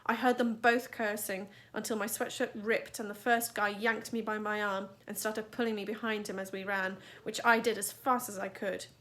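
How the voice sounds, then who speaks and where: A woman teacher reading a novel aloud in a steady, even narration. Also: medium pitch, moderate pace, hardly any pauses.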